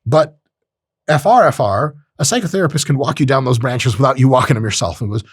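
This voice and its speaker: A man hosting a podcast, talking in a casual monologue, profane and animated, jumping into high-pitched voices. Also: brisk, breathy edge, dry recording, clean studio sound. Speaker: podcast host.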